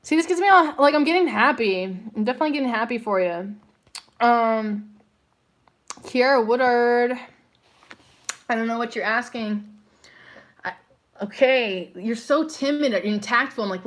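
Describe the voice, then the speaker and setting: A woman's voice: on the high side, measured pace, pauses often. A young woman hosting a casual live psychic reading stream, chatty and slangy, full of fillers and frequent laughter. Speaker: psychic livestream host.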